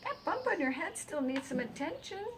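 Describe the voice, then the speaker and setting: A woman's voice: sits high, very animated, moderate pace, noisy background, voice pushed up. A woman voicing a polite, easily worried pig in a children's storybook. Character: polite anxious male pig.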